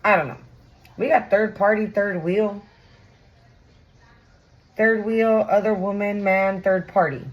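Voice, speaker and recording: A woman's voice: mid-range voice, fairly even intonation, slow, pauses often, muffled recording. A woman giving a casual tarot reading to her viewers, chatty and blunt, swearing freely and talking in slang. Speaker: tarot reader.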